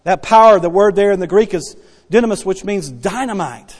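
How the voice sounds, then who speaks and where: A man preaching a sermon as pastor, emphatic and repetitive, dropping soft then rising loud to stress his points. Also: high-pitched, animated, normal speed. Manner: emphatic preaching, repeats key phrases, swings between soft and loud. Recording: long hall reverb.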